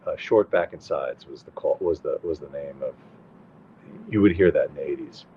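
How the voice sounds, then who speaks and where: A man's voice: a bass voice, moderate pace, dark tone, slight background noise. A tired man hosting a casual home show at night, rambling and thinking aloud as he looks things up. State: tired, yawning. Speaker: show host. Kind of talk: casual livestream chat. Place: at home at night with a dog nearby. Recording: tinny phone-like sound with faint music.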